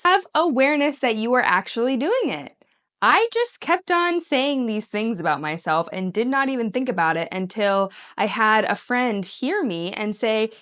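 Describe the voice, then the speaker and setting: A woman's voice: a little high, very animated, moderate pace. Earnest, encouraging woman coach. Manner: earnest, encouraging, breaks into bright mock-cheery voices for quoted lines. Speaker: self-help coach. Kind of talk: casual talk to camera.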